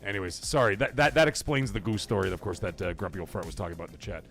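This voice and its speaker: A middle-aged man from Canada hosting a live gaming stream, telling stories in a rambling way, cursing freely and getting loud when he is excited. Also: deep voice, very fast, faint music behind. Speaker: livestream host. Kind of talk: casual live-stream chat.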